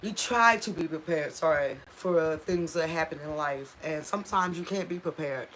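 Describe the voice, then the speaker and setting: A woman's voice: deep voice, normal speed, a bit bright, slight background noise. Impassioned woman talking on a live stream. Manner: raw, impassioned, repeats for emphasis, thanks viewers in chat. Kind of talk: emotional casual live-stream talk.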